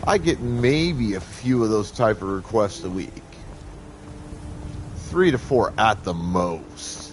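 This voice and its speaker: A man's voice: takes it slowly, slight background noise. A man streaming a game live, ranting heatedly and swearing constantly. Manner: heated, swearing constantly, animated swings in pitch. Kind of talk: profane live-stream rant.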